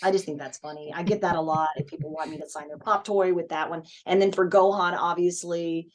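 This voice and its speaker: A woman's voice: lowish voice, fairly quick. A woman, chatting as a voice-actress guest in an interview. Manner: chatty, animated storyteller. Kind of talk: casual interview chat.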